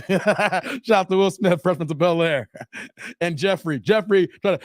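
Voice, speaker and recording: Playful, animated man hosting a livestream. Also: high-pitched, a little slow, no echo, studio quality. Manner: animated, joking, calls out chat names, playful voice changes. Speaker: livestream host. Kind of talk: casual live-stream chat.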